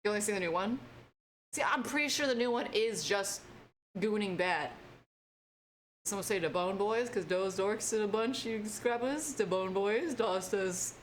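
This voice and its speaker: A woman's voice: medium pitch, normal speed, slight background noise. A young adult woman streaming as an illustrator, chatting casually with viewers in a playful, giggly way. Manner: playful and giggly, slipping into silly voices.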